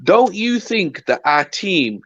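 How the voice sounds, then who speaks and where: A man's voice: high-pitched, big pitch swings, slow pace, a bit bright, no echo. A man on a call to a live stream, talking in an earnest, slangy, persuasive way. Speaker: guest on stream. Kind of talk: casual chat over a call. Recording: dull, dry lo-fi call audio.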